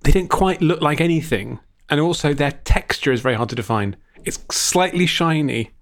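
A man's voice: fairly high pitch, lively intonation, normal speed. A man co-hosting a casual comedy podcast, rambling and restarting his sentences, often laughing. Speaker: podcast co-host.

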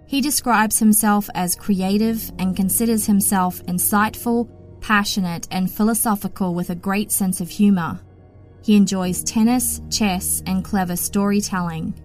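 A woman hosting a podcast, narrating a true-crime story in an even, matter-of-fact way. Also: mid-range voice. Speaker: podcast host.

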